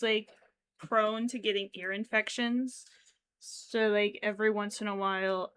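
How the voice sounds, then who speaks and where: A woman chatting casually on a craft livestream, slow and chatty, at times cooing baby talk to her pet. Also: mid-range voice, fairly bright tone, low-quality recording. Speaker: crochet streamer.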